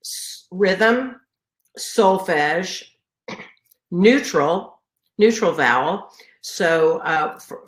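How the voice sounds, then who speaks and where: Her voice is lowish with a slight brightness as she, a middle-aged choral music educator, earnestly addresses a conference on teaching choir. Sinus congestion is audible, and fillers and restarts pepper her delivery. Echo from the room colors the recording.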